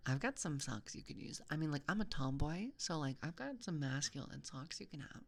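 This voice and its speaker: Lower-voiced playful streamer woman. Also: lively intonation, brisk. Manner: playful, laughs often, swears casually. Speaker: VTuber streamer. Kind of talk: casual chat with live stream viewers.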